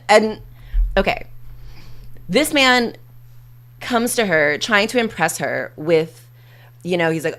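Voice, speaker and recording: A woman's voice: medium pitch, expressive, takes it slowly, long pauses, fairly bright tone. A woman streamer chatting casually and playfully, full of fillers and acted-out quotes while retelling a movie.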